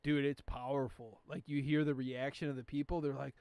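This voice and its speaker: A man's voice: mid-range voice, flat delivery, fairly quick, darkish tone, clear, resonant tone, dry recording. A man hosting a podcast in casual chat, rambling and profane, with lots of filler words. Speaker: podcast host.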